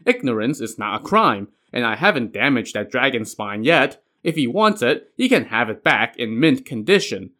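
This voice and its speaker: A cocky superhuman boy, as a man reads him rattles off his deeds in a breezy, boastful way. The voice sits in an ordinary middle pitch. He sounds matter-of-fact about everything he has done. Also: big pitch swings, moderate pace, hardly any pauses, sharp tone.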